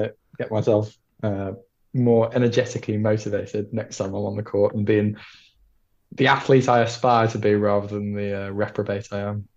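Male tennis writer, low and flat-toned, wry self-mocking humor, muffled lo-fi line. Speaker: podcast guest, tennis writer. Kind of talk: casual podcast chat.

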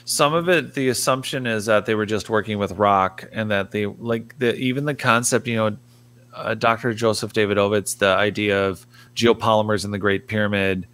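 A man's voice: on the low side, steady tone, moderate pace, fairly bright tone, dry recording. A man as a guest on a talk show, explaining at length and hedging with fillers. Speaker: guest documentary maker. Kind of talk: conversational interview.

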